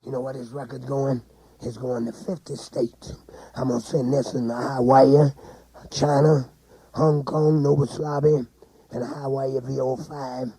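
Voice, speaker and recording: A man's voice: medium pitch, little pitch movement, unhurried, vocal fry, mellow, breathy edge, no room sound, poor audio. A man singing and rambling, boasting and laughing at his own jokes on a homemade record. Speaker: amateur singer and joke teller. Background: guitar music.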